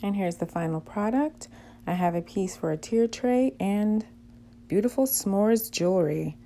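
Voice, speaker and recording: A woman narrating a crafting tutorial, calmly explaining each step. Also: mid-range voice, measured pace, faint music behind. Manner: calm, explaining steps.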